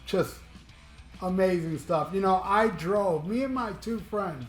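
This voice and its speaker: A high-voiced middle-aged man from Florida rambles with excitement about his albums, swearing as he goes. He sounds like he's in an echoey room, with faint guitar music behind him. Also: unhurried. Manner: rambling, enthusiastic, swears freely. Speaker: music vlogger. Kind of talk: casual chat.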